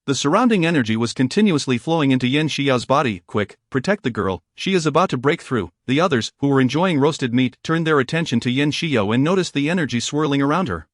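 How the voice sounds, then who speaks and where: A man narrates a fantasy story recap in a steady, unbroken read. His voice sits at a middle pitch. The recording is dry and close to the mic. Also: no echo.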